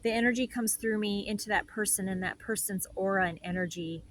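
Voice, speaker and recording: A woman hosting a reflective inspirational talk as a spiritual healer, soft, meandering and heartfelt. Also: medium pitch, fairly quick, low-quality recording.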